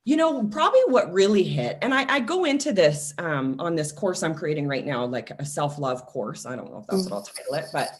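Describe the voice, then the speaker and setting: A woman in her forties, a self-love coach, talking casually and telling personal stories with lively acted-out quotes. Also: low-pitched, a little fast, few pauses. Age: 40s. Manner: animated storytelling, acts out quoted voices. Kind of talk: casual podcast conversation.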